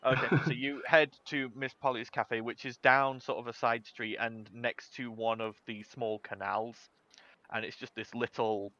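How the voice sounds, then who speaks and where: A man narrating a tabletop game as game master, relaxed and improvising with fillers. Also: medium pitch, lo-fi sound.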